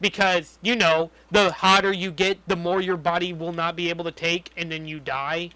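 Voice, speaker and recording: High bright ranting young man. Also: little pitch movement, moderate pace, no room sound. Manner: profane, ranting movie criticism. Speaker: podcast co-host. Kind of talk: casual chat.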